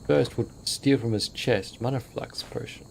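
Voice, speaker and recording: A man hosting a let's play, commentating with excitable, wide-eyed awe and the odd swear. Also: mid-range voice, measured pace, vocal fry, a little hiss or hum.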